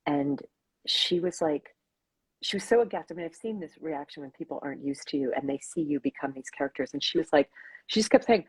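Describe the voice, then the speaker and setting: Host, female, husky low voice, effusive and rambling, dry close sound. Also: sing-song, a little fast, no echo, poor audio. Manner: effusive, gushing, loose and rambling. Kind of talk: casual live-stream chat.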